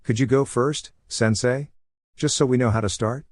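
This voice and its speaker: A man's voice: mid-range voice, steady tone, normal speed, dry recording, studio quality, voice pushed up, close to an everyday voice. A man reading the lines of a shy, lovestruck young girl ninja who talks in a hesitant, faltering way. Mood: nervous.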